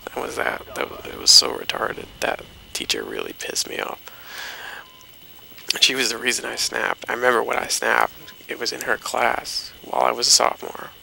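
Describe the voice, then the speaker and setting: A man's voice: medium pitch, very animated, normal speed, creaky, sharp tone, a little hiss or hum, rough recording. A young man telling a rambling story with plenty of swearing as he talks over gameplay. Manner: rambling, swearing, loose anecdotal delivery. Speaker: gaming commentator.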